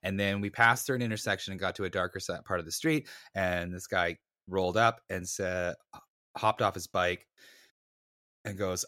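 Low-voiced man telling a story. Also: normal speed, no echo, clean studio sound. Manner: animated, acts out voices in anecdotes, self-mocking. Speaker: podcast co-host. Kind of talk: casual storytelling chat.

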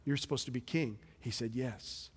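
A man preaching a sermon as pastor, with passionate delivery that swings between loud emphasis and quiet, hushed moments. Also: mid-range voice, moderate pace, slightly rough. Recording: long hall reverb.

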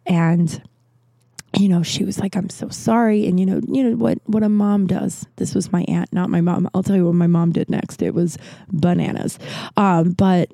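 A woman's voice: on the low side, fairly even intonation, normal speed, gravelly, warm tone, no echo. A woman in her thirties hosting a show, telling a personal story in a candid, rambling way, full of "like" and "you know".

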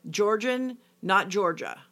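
A woman with a gravelly, fry-tinged voice chats casually as co-host, teasing her partner and telling short anecdotes. Her pitch is mid-range for a woman. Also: animated, takes it slowly, a bit bright. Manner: teasing, chatty, tells anecdotes. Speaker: podcast co-host. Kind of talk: casual chat.

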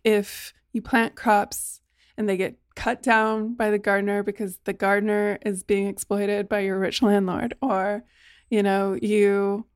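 A woman talking casually, animated and full of "like", acting out what she said to others. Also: clear, resonant tone, no room sound, studio quality. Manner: animated, acts out quoted exchanges in a higher voice, frequent "like". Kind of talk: casual conversation.

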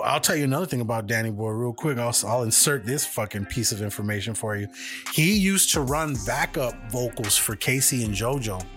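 A man's voice: medium pitch, fairly bright tone. A man co-hosting a podcast, rambling through a profane story in casual chat and acting out the quoted voices. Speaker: podcast co-host.

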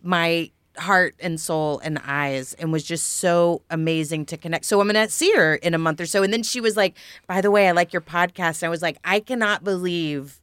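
A woman's voice: lowish voice, moderate pace, hardly any pauses, a bit bright, clear, resonant tone, dry recording. Wry, rambling woman podcast host. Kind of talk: casual podcast chat.

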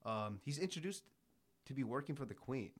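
Man, young adult, casual podcast chat, excitable, acts out quotes, medium pitch. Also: brisk. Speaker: podcast co-host. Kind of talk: casual anime recap chat.

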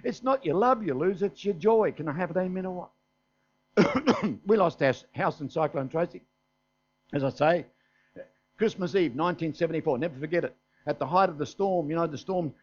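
An older man with an Australian accent, preaching a sermon in a folksy storytelling way, often asking "is that right?". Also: fairly high pitch. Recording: dull, muffled sermon recording.

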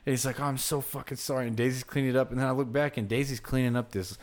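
A man's voice: mid-range voice, fairly even intonation, racing. A man on a podcast telling a rowdy story among friends, swearing freely, laughing and acting out what others said. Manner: profane, laughing, acts out friends' lines. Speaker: podcast host.

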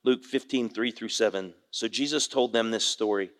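An older man preaching a sermon, a pastor telling a fishing story with folksy, animated delivery and acting out the voices of the people in it. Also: fairly low pitch, moderate pace, big-room sound. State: tearful at moments.

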